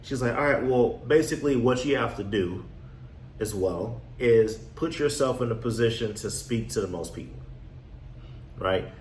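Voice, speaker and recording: Animated man telling a motivational story. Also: medium pitch, normal speed. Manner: animated storyteller, acts out his younger self. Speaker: real estate wholesaling coach. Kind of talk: casual motivational talk. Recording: echoey room, faint background noise.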